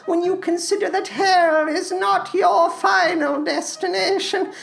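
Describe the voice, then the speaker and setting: A woman voicing a creepy, childlike male creature who is whimsical and morbid, giggling and tearful in a slow, drawn-out comedic sketch. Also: extremely high pitch, fairly even intonation, vocal fry, voice pushed up, exaggerated voice. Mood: giddy defiant.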